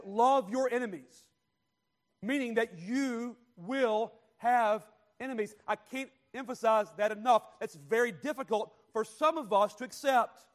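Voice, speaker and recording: A man preaching a sermon, speaking in slow, stressed phrases that swing from quiet to loud. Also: very high voice. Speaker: pastor.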